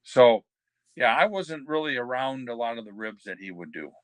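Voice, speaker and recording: A man's voice: medium pitch, animated, moderate pace, dry recording. An older man, a former wrestler, telling backstage anecdotes as a podcast guest, rambling with many fillers and restarts. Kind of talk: anecdotal storytelling.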